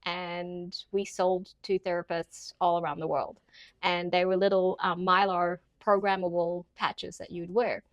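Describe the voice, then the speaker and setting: A woman's voice: fairly low pitch, little pitch movement, unhurried, no echo. A woman guest, an herbalist and business owner, chatting in an interview and telling stories with acted-out quotes. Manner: chatty storyteller, acts out quoted voices. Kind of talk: casual interview chat.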